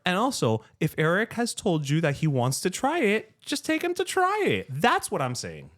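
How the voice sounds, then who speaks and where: A man's voice: sits high, moderate pace. A man co-hosting a podcast, teasing his co-host in playful casual chat. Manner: teasing, playful, lively delivery.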